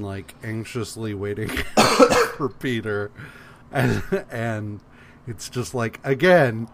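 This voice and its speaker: A slow, unhurried man chats through a comic-book story on a podcast. He swears freely and slips into the characters' lines as he retells. His pitch sits in the middle range. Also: slight background noise. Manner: profane, acts out characters' lines while retelling. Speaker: podcast co-host. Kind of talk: casual comic-book recap chat.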